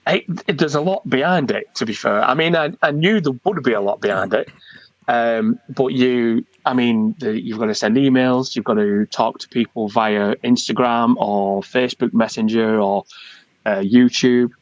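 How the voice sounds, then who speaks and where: A man's voice: mid-range voice, normal speed, no room sound, highs cut off. A man with a Wigan accent, chatting as an interview guest in a colloquial, rambling way. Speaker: convention organiser, guest. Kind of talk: casual interview chat.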